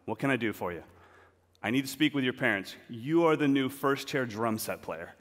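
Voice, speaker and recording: A man's voice: mid-range voice, lively intonation, moderate pace, a bit bright, lightly acted. A man voicing a stern school music teacher who calls a student up in curt phrases. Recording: reverberant hall.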